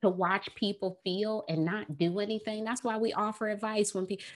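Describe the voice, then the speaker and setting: A woman therapist with an American accent, talking on a podcast, lively and laughing often as she acts out quoted phrases. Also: mid-range voice, moderate pace. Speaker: therapist guest. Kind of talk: podcast conversation.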